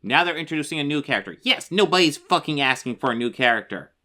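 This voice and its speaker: A man's voice: fairly high pitch, lively intonation, fast, sharp tone. A young man hosting a reaction commentary, exasperated and sarcastic, swearing casually as he argues back at a clip. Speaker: commentary host.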